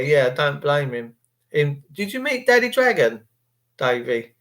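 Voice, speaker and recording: A man's voice: a little high, animated, normal speed, creaky, fairly bright tone. An English man hosting a livestream, reading out chat comments in a crude, jokey, rambling way. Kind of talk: rambling casual monologue.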